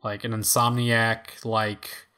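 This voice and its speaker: A man's voice: on the low side, little pitch movement, slow, sharp tone, smooth. A man co-hosting a gaming podcast, chatting casually and rambling with lots of fillers. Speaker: podcast co-host. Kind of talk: casual chat.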